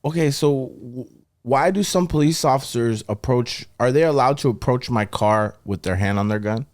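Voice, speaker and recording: A man hosting a podcast, asking questions in an animated, joking way and acting out scenes. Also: mid-range voice, normal speed. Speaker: podcast host. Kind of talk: casual podcast conversation.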